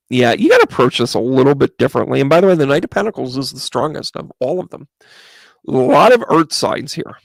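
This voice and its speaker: A man with a slightly high, creaky voice gives live-stream tarot readings as a psychic medium, and the recording is dry. He chats casually, greets viewers by name, and thinks aloud over each card.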